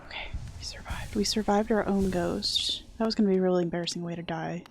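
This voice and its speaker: A woman's voice: lowish voice, steady tone, fast, slight background noise. Chatty, sarcastic young woman streamer. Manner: chatty, sarcastic, swears casually, jokes about a movie. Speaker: streamer playing a video game. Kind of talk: casual live-stream chat.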